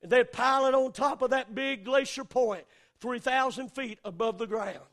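Male Southern preacher, very high pitch, shouted chanting sermon delivery. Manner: shouting, chanted preaching with long drawn-out cries.

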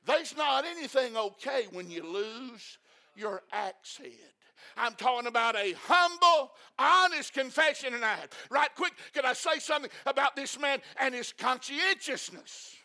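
A male preacher delivering an impassioned sermon, repeating phrases and breaking into shouts. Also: very high voice, expressive, unhurried.

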